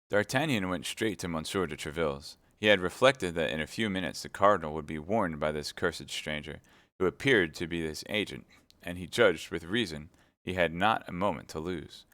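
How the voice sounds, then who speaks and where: A man reading a classic novel aloud on a live stream, steady narration with chatty asides to viewers. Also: sits low, moderate pace, no echo.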